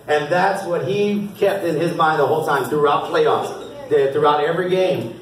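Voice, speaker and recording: Male coach, high voice, upbeat banquet award speech, echoey hall, off-mic. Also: normal speed, far from the mic. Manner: upbeat and encouraging, often laughing. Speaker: youth football coach.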